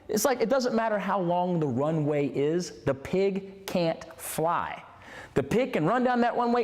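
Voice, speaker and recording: A man's voice: extremely high pitch, normal speed. Emphatic man in a reverberant space. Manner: animated, emphatic, repeats key words. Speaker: motivational host. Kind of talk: motivational video talk. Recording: long hall reverb.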